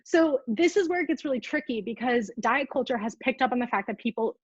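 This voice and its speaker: A woman's voice: on the high side, animated, fairly quick, breathy edge, no echo, highs cut off. A young woman coach giving a casual live-streamed talk, full of "like" and asides to viewer comments. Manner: casual, filler-heavy, reacts to live comments. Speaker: food freedom coach. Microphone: earbuds.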